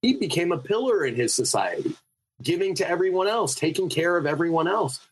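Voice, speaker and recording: A man who is a podcast guest, telling stories in an animated, spiritual way with many fillers, in casual conversation. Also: fairly high pitch, a little fast, slight background noise, rough recording.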